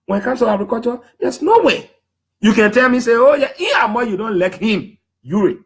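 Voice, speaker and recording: High-voiced Liberian man, animated storytelling. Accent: Liberian English. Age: 30s. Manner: lively, emphatic, slips into quoting others in put-on voices. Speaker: human rights defender speaking to the public.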